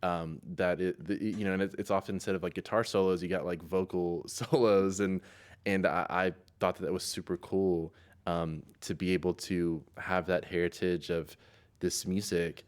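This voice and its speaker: A young man from East Tennessee, a musician guest, answering in a relaxed way, laughing often and filling with ums. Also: low voice. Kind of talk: casual interview answers.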